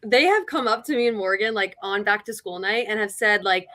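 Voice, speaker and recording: A woman's voice: medium pitch, brisk, sharp tone. A young adult woman, a guest teacher on a podcast, upbeat and chatty, saying "like" a lot. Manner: upbeat, heavy use of "like". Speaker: guest, middle school teacher. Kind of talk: casual podcast interview.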